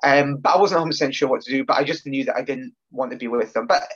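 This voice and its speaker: Scottish wrestler guest on a lo-fi line. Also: male voice, medium pitch, fast talker, a bit bright, slightly rough. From northeast Scotland. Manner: anecdotal, filler-heavy, self-deprecating humour. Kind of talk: casual interview chat.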